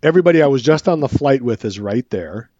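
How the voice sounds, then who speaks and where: A man with a mid-pitched voice spins a rambling, profane story on a podcast, circling back over his own words. The recording sounds dull and lo-fi, close and dry. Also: expressive, quick pace, mellow, dry recording. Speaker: podcast co-host. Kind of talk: casual storytelling chat.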